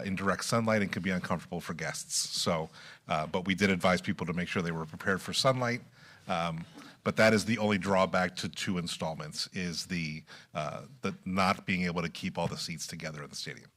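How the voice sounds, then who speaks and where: A man with a deep, low voice reports to a city council in a formal, measured way. He pauses often with fillers as he lays out details. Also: fairly even intonation, a bit bright. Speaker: city staff presenter. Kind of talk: formal public meeting report.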